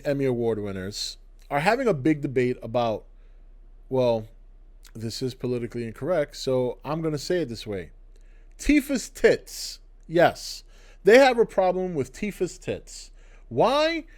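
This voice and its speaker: A middle-aged man talks straight into his camera in a blunt, sarcastic rant. His pitch sits at an ordinary male middle, and he lets the words run on in loose, opinionated commentary. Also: sing-song, moderate pace. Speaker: channel host. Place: indoors, to camera.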